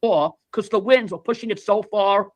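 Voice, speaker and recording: A man's voice: high voice, moderate pace. A man casually telling a story, acting out the dialogue, swearing and laughing as he goes. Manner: animated storytelling, acts out dialogue, swears, laughs mid-sentence. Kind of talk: casual anecdote.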